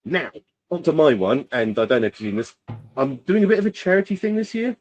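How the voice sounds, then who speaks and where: A man's voice: on the high side, sing-song, fast talker, soft background music, low-quality recording. A man co-hosting a podcast, talking casually and rambling with lots of fillers, from the UK. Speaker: podcast co-host. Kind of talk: casual chat.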